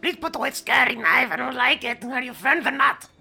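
A man voicing a small, excited male frog-man servant who speaks in broken, simple sentences. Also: very high voice, brisk, vocal fry, faint music behind, voice pushed up, exaggerated voice. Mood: nervous. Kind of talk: tabletop game voicing.

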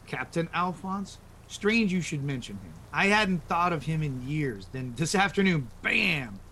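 A man's voice: fairly high pitch, animated, a little hiss or hum. A man playing a remorseful dying father. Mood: reminiscing. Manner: halting, regretful, soft-spoken. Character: dying father, remorseful and quietly self-mocking. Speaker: actor in an audio play. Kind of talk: audio drama acting.

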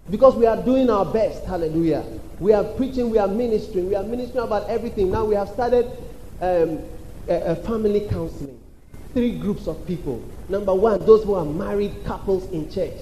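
A high-voiced man preaches with insistent repetition, calling on the congregation and shouting out quoted voices. His tone is mellow rather than bright. The sound is roomy, with a faint hum in the church hall behind him. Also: fairly quick. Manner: emphatic, repetitive preaching with call-and-response. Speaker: pastor. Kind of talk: sermon. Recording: echoey church hall with faint background noise.

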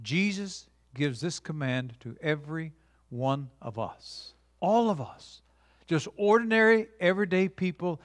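A man preaching a sermon with emphatic delivery, swinging from loud declarations to quiet, hushed lines, and drawing the congregation into call-and-response. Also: on the high side, expressive, unhurried, no echo, clean studio sound. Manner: emphatic preaching with dramatic shifts between loud and soft; engages audience with call-and-response. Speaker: pastor.

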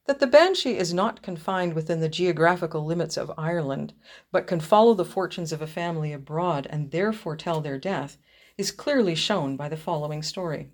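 A woman reading a ghost story aloud, measured and expressive. Her voice sits somewhat low, and she lets the eerie moments rise and fall with care. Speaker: reader.

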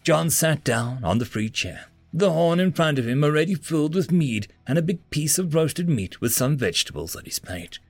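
A man narrating science fiction and fantasy stories in an expressive reading. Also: fairly high pitch, moderate pace, slightly rough, dry recording, soft background music. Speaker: story narrator. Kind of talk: scripted story narration.

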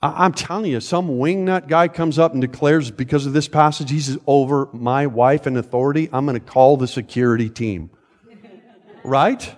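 An older pastor preaches from a church pulpit in a conversational style, adding joking asides and frequently checking in with the congregation. His mid-range voice moves at a moderate pace, with the big-room sound of the sanctuary.

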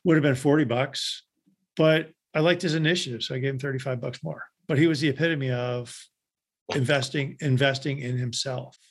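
A man with a gravelly, husky voice, a guest on a casual podcast, telling stories and acting out both sides of the conversations. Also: mid-range voice, fairly even intonation, fairly quick. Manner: acts out both sides of the dialogue in his stories.

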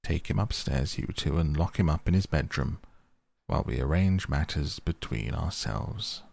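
A man with a deep, gravelly voice voicing a stern, solemn old male badger in a storybook reading, grave, firm and measured. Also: animated, darkish tone, full character voice.

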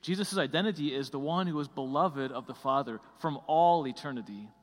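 A man's voice: on the high side, a little fast, big-room sound. A man preaching a sermon in a conversational way, full of fillers and restarts.

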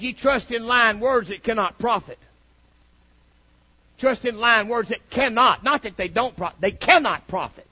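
A man preaching a fiery sermon, swinging from shouted lines to low, mocking asides. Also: slightly rough. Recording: dull lo-fi recording.

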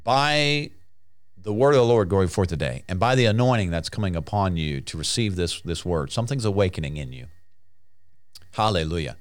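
Emphatic male preacher, lowish voice. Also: expressive, moderate pace, clear, resonant tone. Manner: emphatic and repetitive, restarting phrases, frequent hallelujahs. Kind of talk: sermon.

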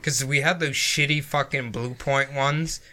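A man's voice: mid-range voice, steady tone, a little slow, bright, forceful tone. A man co-hosting a podcast, chatting casually and explaining himself in a rambling, defensive way. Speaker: podcast co-host. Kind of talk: casual banter.

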